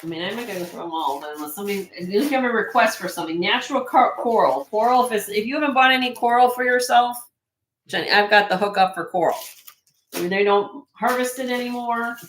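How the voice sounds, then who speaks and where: A woman hosting a live online jewelry sale, chatting excitedly and loudly as she shows each piece. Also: mid-range voice, quick pace, slight background noise. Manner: excitable, loud, chatty sales patter.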